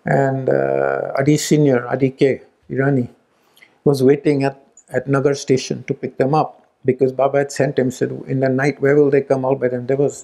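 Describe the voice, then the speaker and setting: A man's voice: medium pitch, creaky, dark tone. A middle-aged man telling a family story at a gathering, acting out the voices of the people in it. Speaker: speaker at a spiritual retreat. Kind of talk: storytelling talk.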